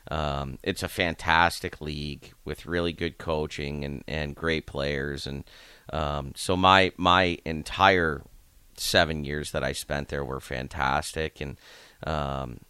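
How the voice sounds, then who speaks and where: Coach type, male, low and bright, clear crisp delivery, rambling storyteller who does voices. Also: steady tone, takes it slowly, no room sound. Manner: rambling anecdotes, acts out voices of people in his stories. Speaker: hockey coach. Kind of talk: casual storytelling interview.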